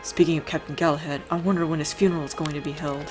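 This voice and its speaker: Woman doing a lets play, reads npc lines out loud, giggles a lot, quiet game music under her. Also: deep voice, steady tone, rapid-fire. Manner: reads game dialogue aloud, laughs easily. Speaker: let's play host. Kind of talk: casual gameplay chat.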